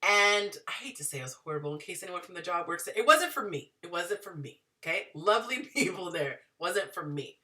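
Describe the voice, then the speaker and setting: A woman in her thirties telling her story to viewers in a chatty, animated way. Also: fairly low pitch, brisk, few pauses, far from the mic. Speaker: dating and relationship advice vlogger.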